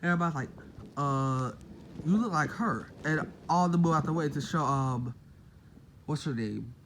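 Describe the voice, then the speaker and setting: A man's voice: a little high, fairly quick, a bit bright, slight background noise, rough recording. A man casually retelling a made-up story, rambling with lots of fillers and self-corrections.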